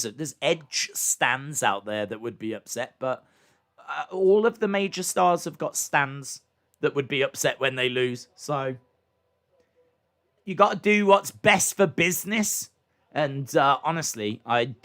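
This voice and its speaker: A man hosting a live reaction stream, excitably commenting and answering chat questions, his microphone clipping when he gets loud. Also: fairly high pitch. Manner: excitable, hums entrance themes, answers chat. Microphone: desk microphone that clips when loud.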